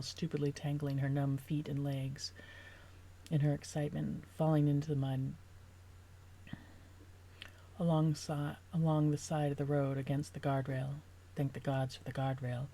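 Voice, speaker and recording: A woman's voice: low-pitched, dark tone. A woman author reading her own novel draft aloud, stopping now and then to rework a sentence.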